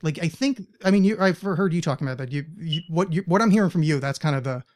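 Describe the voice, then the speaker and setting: A man's voice: fairly high pitch, lively intonation, quick pace, darkish tone. A man with a slight East Coast American accent hosting a podcast, asking curious, rambling questions in casual chat. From United States. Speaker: podcast host.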